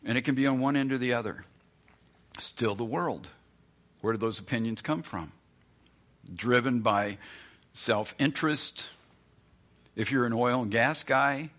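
A man's voice: medium pitch, unhurried, long pauses, fairly bright tone. A man preaching a sermon as pastor, in a conversational, emphatic way full of rhetorical questions.

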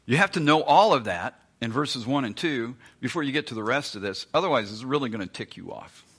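A man's voice: medium pitch, expressive, fairly quick, a bit bright, slightly rough. A man preaching a sermon as pastor, in a conversational, emphatic way full of rhetorical questions.

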